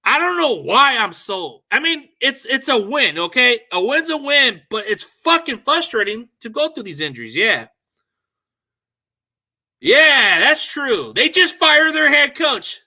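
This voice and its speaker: A man's voice: extremely high pitch, big pitch swings, measured pace, sharp tone. A man hosting a casual post-game sports talk, venting his frustration in a profane, rambling rant while answering chat comments. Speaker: sports show host.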